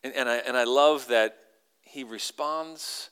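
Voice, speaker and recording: A pastor preaching a sermon, animated and acting out the crowd's lines in sudden high voices. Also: male voice, unhurried, clear, resonant tone.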